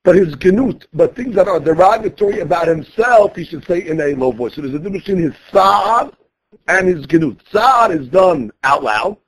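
Husky-voiced man teaching a Talmud class. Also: high voice, animated, moderate pace. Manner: explains each quoted phrase, restating points conversationally.

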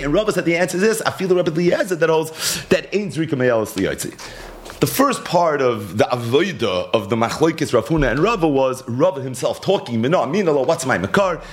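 Lively man teaching Talmud. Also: medium pitch. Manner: animated explaining, mixing English with Hebrew and Aramaic terms. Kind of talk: Gemara lesson.

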